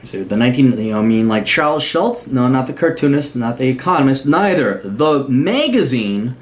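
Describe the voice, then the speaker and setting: A man's voice: medium pitch, sing-song, moderate pace. Blunt, sardonic man. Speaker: host. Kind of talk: opinionated monologue.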